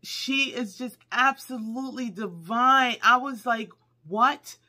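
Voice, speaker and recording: A middle-aged woman, chatting excitedly through a shopping haul video and squealing with delight. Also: fairly high pitch, measured pace. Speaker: haul vlogger. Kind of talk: casual haul video chat.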